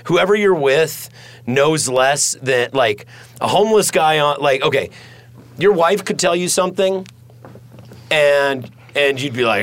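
A man's voice: a little high, lively intonation, a little slow, fairly bright tone. A man co-hosting a podcast in casual chat from a studio, rambling through jokey stories and laughing often. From United States. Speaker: podcast co-host.

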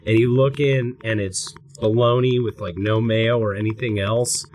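A man's voice: fairly low pitch, steady tone, moderate pace, a little mellow, slight background noise, rough recording. Rambling, profane male podcast storyteller. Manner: rambling, profane, acts out quotes. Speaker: podcast co-host. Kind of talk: casual storytelling chat.

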